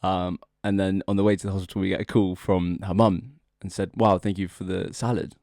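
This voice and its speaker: A man's voice: low voice, little pitch movement, brisk, darkish tone, dry recording, clean studio sound. A young adult man, a podcast co-host, casually telling a long, rambling joke story and laughing as he goes. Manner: rambling, laughs often, drags out the setup.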